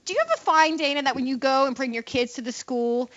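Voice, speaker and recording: Woman radio host, high voice, brash and opinionated, quick asides, dull lo-fi broadcast sound. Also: a bit bright. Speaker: radio talk show host. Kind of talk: talk radio chat.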